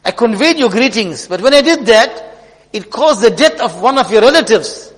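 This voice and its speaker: A man doing a devout merchant, emotional and exclamatory, high voice, reverberant hall. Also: animated, normal speed, a bit bright. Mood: grieving. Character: devout grieving merchant, master of the parrot.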